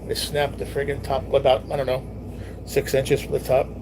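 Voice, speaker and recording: Laid-back streamer, young man, gravelly, teasing, with faint hiss behind. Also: medium pitch, monotone, normal speed. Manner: laid-back, swears freely, teases viewers. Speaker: live-stream host reading viewer chat. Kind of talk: casual live-stream chat.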